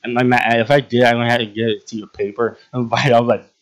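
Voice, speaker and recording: Talking fast in a mid-range voice with little pitch movement, a young game roleplay host chats casually during gameplay. He rambles and giggles, performs a range of character voices, and frequently laughs or trails off with filler words.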